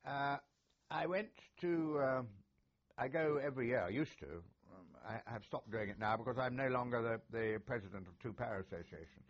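An older man, a retired army officer, reminisces in an oral history interview, genial and chatty with plenty of filler sounds. His medium-pitched voice has lively intonation and a moderate pace, captured in a dull lo-fi recording.

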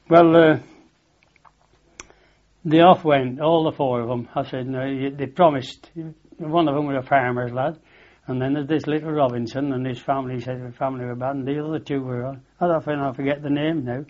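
A man's voice: mid-range voice, steady tone, a little fast, darkish tone. An older man with a Lancashire accent tells a long rambling story in a chatty interview, repeating "I said" and laughing at his own tale. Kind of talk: rambling anecdotal reminiscence. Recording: dull lo-fi recording.

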